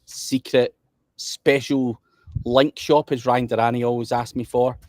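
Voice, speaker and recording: A man's voice: mid-range voice, flat delivery, a little slow, darkish tone, dry recording, studio quality. A man hosting a podcast, telling stories in blunt, profane casual chat. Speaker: podcast host.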